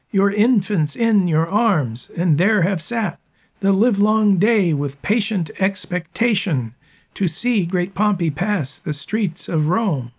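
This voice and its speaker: A man's voice: high-pitched, slightly rough, voice pushed up, exaggerated voice. A man reading as an angry Roman tribune declaiming. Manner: declaiming verse, slow and emphatic. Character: angry male Roman tribune scolding a crowd.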